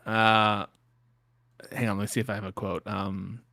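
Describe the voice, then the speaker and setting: A man's voice: lowish voice, little pitch movement, moderate pace, vocal fry, pushed and bright, no echo. A man giving casual, sarcastic reaction commentary on video clips. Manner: sarcastic, joking. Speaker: stream guest commentator.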